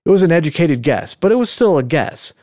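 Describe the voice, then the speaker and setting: Hosting a podcast, a man tells a story in casual chat, tossing in joking asides and chuckling often. His fairly high voice is sing-song, brisk and darkish, recorded dry with a clean studio sound.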